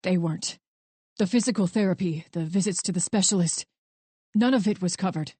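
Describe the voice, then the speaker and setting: Woman playing a guilty husband type, low and halting, strained, dry close sound. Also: mellow, breathy edge, no echo. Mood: ashamed. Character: guilt-ridden adult man confessing debts.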